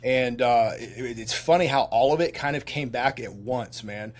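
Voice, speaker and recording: A middle-aged man who served as a soldier and has since retired tells long, rambling tales as a guest on a podcast, restarting often and using lots of fillers. The storytelling is casual, his voice medium-pitched and his pace moderate.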